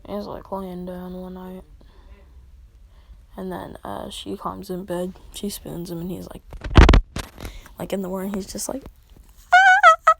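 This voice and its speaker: A woman's voice: on the low side, little pitch movement, measured pace, creaky, long pauses, noisy background. A woman casually making up a fan-fiction story as she goes, rambling with lots of fillers and often dropping into a whisper.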